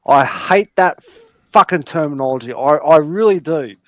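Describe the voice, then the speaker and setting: A man's voice: fairly high pitch, expressive, normal speed, a bit bright, no echo. Sweary older Australian man, dry mic. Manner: heavy swearing, heated rants. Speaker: podcast co-host. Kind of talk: casual online chat.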